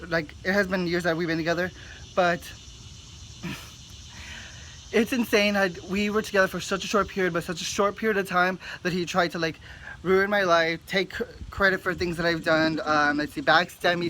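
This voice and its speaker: A young man with a high voice tells a personal story straight to the camera, rambling and heated, packing his sentences with "like". A faint hum of ambient noise sits under his voice. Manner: rambling, heated and animated, with frequent "like" fillers. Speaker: vlogger. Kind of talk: emotional storytime monologue.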